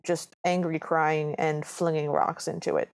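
A woman's voice: low voice, little pitch movement, measured pace. A woman co-hosting a podcast, recapping a movie in casual chat. She sounds sarcastic and exasperated. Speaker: podcast co-host.

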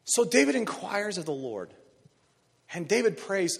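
A man preaching a sermon, telling a story with animated energy and rising to shouts on key phrases. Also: sits high, unhurried, breathy edge. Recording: long reverb of a large hall.

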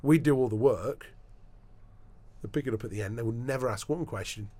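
A man being interviewed as a sports broadcaster, telling animated anecdotes in a casual chat, often restarting his sentences. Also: medium pitch, brisk, a little hiss or hum.

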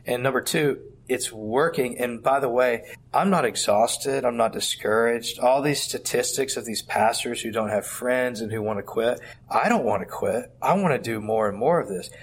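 A man's voice: medium pitch, moderate pace, hardly any pauses, husky. Earnest man pastor telling stories. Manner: earnest, storytelling with quoted dialogue. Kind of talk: conversational interview answers. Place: at a church conference.

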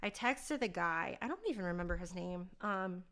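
A woman's voice: lowish voice, lively intonation, normal speed, fairly bright tone. A woman hosting a podcast, telling a personal story candidly and with animation. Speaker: podcast host.

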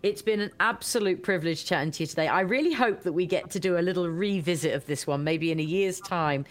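A woman's voice: on the low side, quick pace. A woman hosting an interview podcast, chatty and full of praise for her guest. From Britain. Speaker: podcast host. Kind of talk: conversational interview.

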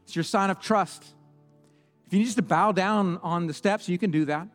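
A male pastor giving an impassioned sermon and altar call in a church, swinging between loud preaching and hushed prayer. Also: sits high, moderate pace, big-room sound, faint music behind. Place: church auditorium.

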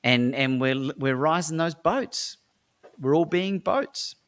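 A slightly high-pitched, slow-speaking Australian man, a speaker and coach, is an interview guest telling animated stories. He's energetic, acts out the dialogue, and often restarts his sentences.

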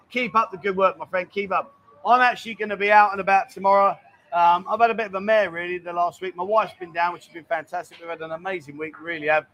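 A man hosts a casual live stream, talking at a fairly high pitch for a man. He chats easily, reads out viewers' greetings and trades banter with his co-host. A faint ambient hum sits behind him. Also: a bit bright. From England.

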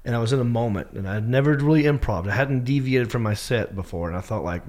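A man's voice: mid-range voice, fast talker, a little mellow. A man, a stand-up comedian, telling a story on a podcast and acting out his own lines in a raised voice. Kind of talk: animated storytelling.

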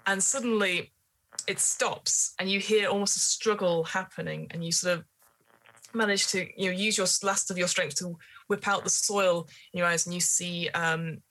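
A woman game master narrates a tabletop role-playing game. Her voice is fairly low, and she builds each scene with hesitant, filler-laden description. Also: steady tone, normal speed, a bit bright, rough recording.

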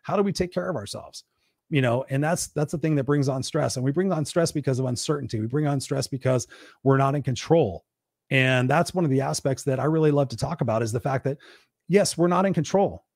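A man's voice: fairly quick, a little mellow, dry recording, studio quality. A tired man hosting a live stream, giving a preachy motivational talk and answering his own questions. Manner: acts out whiny quoted complaints in a high voice. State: tired and burned out. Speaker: host of a weekly live stream; parent.

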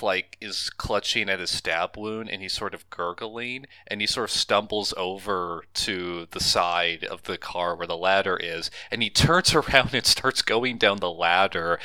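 A man co-hosting a casual podcast, excitedly retelling a film's scenes with frequent laughter. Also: low-pitched, clear, resonant tone, dry recording. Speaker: podcast co-host. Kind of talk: casual movie recap chat.

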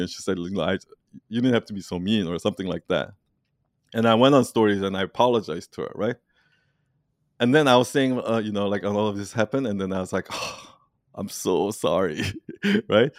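A man leading an online community, talking casually in an animated, rambling way and laughing often. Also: lowish voice, dry recording, clean studio sound. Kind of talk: casual conversation.

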